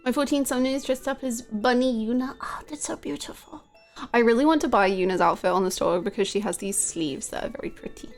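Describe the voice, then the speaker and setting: A woman's voice: fairly high pitch, fast talker, hardly any pauses, soft background music. A woman streaming a game live, chatting casually with her viewers in a giggly, rambling way.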